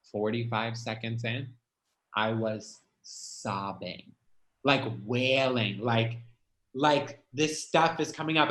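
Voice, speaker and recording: A man's voice: medium pitch, a bit bright, echoey room, rough recording. A man speaking as a guest, telling his own story candidly and emotionally, full of "like" and the odd swear word. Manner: emotional, confessional, heavy filler "like", swears.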